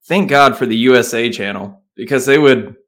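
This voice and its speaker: A man's voice: medium pitch, moderate pace. A man with a Southern accent, co-hosting a podcast in a laid-back, rambling casual chat. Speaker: podcast co-host.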